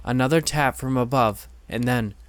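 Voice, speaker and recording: A man reading horror stories aloud in measured, steady scripted narration. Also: mid-range voice, slight background noise.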